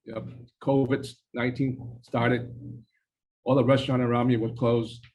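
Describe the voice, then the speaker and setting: A man's voice: mid-range voice, little pitch movement, a little slow, darkish tone, poor audio. A man, a restaurant owner, giving a casual presentation, chatty and hesitant with many fillers.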